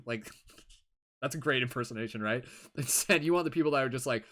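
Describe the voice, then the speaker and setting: A man hosting a live tarot stream, chatting casually with viewers in an animated, laid-back way, swearing and laughing often. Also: medium pitch, quick pace. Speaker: tarot reader and livestream host. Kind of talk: casual livestream chat.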